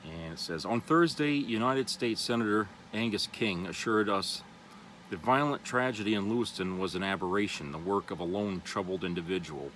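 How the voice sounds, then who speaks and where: Brief: deep-voiced male vlogger, reads an article then rambles with fillers, faint vehicle hum behind. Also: normal speed, a bit bright, poor audio. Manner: loose and rambling, with many "you know" fillers. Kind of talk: reading an article aloud, then casual commentary.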